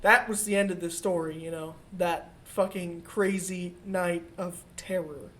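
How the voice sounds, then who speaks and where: A woman co-hosting a podcast, telling a comic story in a casual, profane and animated way. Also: fairly low pitch, unhurried, slight background noise. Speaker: podcast co-host.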